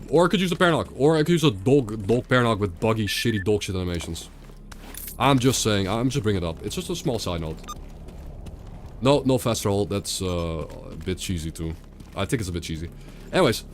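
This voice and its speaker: A man's voice: fairly low pitch, slight background noise. A young man streaming a video game, rambling and sarcastic, often repeating himself. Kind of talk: casual gameplay commentary.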